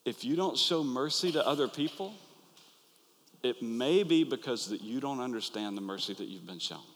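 A pastor preaching an earnest, animated sermon to his listeners, acting out the quoted lines. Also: medium pitch, normal speed. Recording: long hall reverb.

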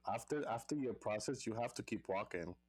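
A man's voice: lowish voice, expressive, fairly quick, a little mellow, rough recording. A man co-hosting a podcast, chatting casually, explaining things at length and dropping in short agreement. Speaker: podcast co-host. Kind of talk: casual chat.

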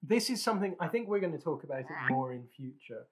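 Scottish man, podcast co-host, casual chat, rambling, animated. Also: fairly high pitch, quick pace, husky. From Scotland. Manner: rambling, animated, self-correcting.

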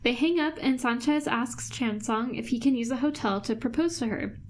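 A woman's voice: on the high side, moderate pace. A woman co-hosting a podcast, chatting and laughing as she recaps a TV show. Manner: giggly, chatty, quotes characters. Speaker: podcast co-host. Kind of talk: casual chat recapping a TV show.

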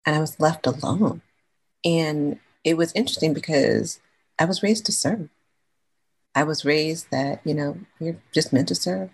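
A woman's voice: sits low, unhurried, gravelly, breathy edge, poor audio. A woman from California telling her own story as a guest in a casual, chatty, slangy way. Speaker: podcast guest.

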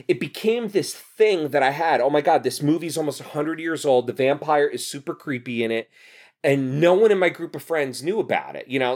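A man in his thirties from New Jersey chats on a podcast. His delivery is animated and salted with profanity. His voice sits a little high for a man. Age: 30s. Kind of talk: casual podcast chat.

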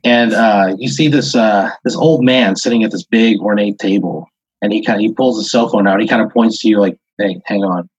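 A man's voice: on the low side, a little fast, breathy edge, no echo. A man hosting a podcast, telling an improvised second-person story in a rambling way full of "like" and "uh" fillers. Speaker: podcast host. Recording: dull lo-fi audio.

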